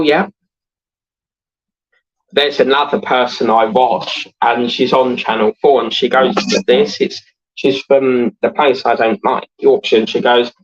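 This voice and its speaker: A man in his thirties hosts a relaxed livestream and chats his way through viewer comments. He rambles, laughs easily and fills the gaps with ums. His voice is a little raspy, and the recording sounds dull and lo-fi. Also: mid-range voice. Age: 30s. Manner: chatty and rambling, laughs often, many fillers. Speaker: host of a model-building livestream. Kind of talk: casual livestream chat, reading out viewer comments.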